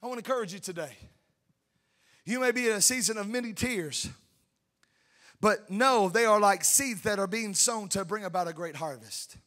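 A man preaching a sermon, fervent, swinging between shouted peaks and hushed tender asides. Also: high-pitched, normal speed. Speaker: pastor. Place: church sanctuary.

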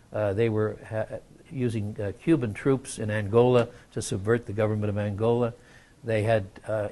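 Older man lecturing, halting storyteller. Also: lowish voice, a little mellow. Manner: measured, frequent uh fillers, storytelling. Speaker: guest lecturer. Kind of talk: lecture with anecdote.

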